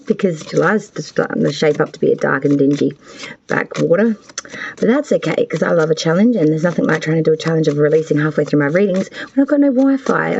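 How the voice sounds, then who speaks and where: Australian woman tarot host, rambling and foul-mouthed; low, gravelly delivery, dull lo-fi recording. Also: a little hiss or hum. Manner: chatty, rambling, swears freely. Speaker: tarot reader and channel host. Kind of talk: casual tarot reading vlog. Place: cold house with power out.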